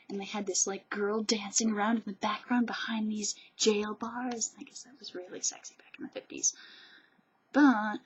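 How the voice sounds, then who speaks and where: A woman chatting to her webcam in a slow, rambling, gushing way that keeps drifting off topic. Her voice is very breathy and husky. The sound is dull and lo-fi, from a webcam mic. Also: medium pitch. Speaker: vlogger. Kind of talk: rambling casual monologue.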